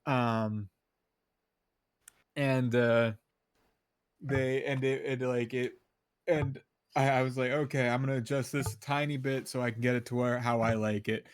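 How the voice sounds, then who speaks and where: A man in an easygoing stream chat, rambling and restarting his sentences, full of "like" and "um." His voice sits at an ordinary pitch and comes through dry and close, with no room sound around it. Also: fairly even intonation, measured pace, pauses often, clean tone, dry recording. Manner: rambling, lots of fillers and restarts. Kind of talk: casual chat.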